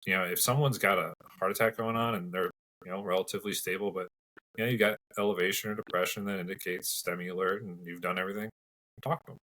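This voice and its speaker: A man with a lowish voice hosts a paramedic podcast, recounting calls in a relaxed, storytelling manner. He talks practically and plainly, like a colleague sharing tips. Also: fast talker, rough recording. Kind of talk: casual podcast discussion.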